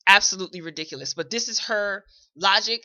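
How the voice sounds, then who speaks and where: Bright-toned woman giving blunt commentary. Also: medium pitch, fast, highs cut off. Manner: chatty, opinionated, blunt. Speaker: show host reviewing a celebrity video. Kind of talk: casual commentary recap.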